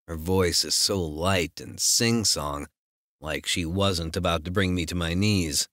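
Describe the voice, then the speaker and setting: A man narrating a first-person romance audiobook in a measured, unhurried way. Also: low voice, fairly bright tone, dry recording, studio quality.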